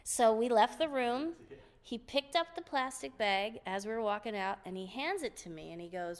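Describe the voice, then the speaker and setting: A woman guest on an interview show, telling stories in a lively, laughing way, often restarting her sentences. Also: fairly high pitch, moderate pace. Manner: animated, laughing storyteller with frequent restarts. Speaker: guest vocalist. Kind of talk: casual interview storytelling.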